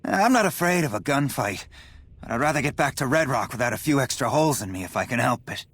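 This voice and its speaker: A man's voice: medium pitch, animated, fast, fairly bright tone, husky, dry recording. An actor playing a tough, impatient male gang leader in video game dialogue. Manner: curt, scornful.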